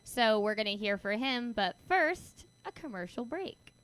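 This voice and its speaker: A woman from Staten Island with a Staten Island accent, co-hosting a podcast in a relaxed, wry way. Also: a little high, a little slow. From Staten Island, New York. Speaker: podcast co-host. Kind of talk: casual podcast chat.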